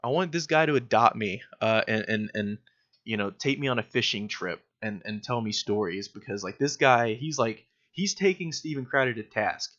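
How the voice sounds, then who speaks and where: A man's voice: mid-range voice, moderate pace, a bit bright. A young man giving casual, sarcastic video commentary, mocking his target with lots of fillers. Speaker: political commentator. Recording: dull lo-fi recording.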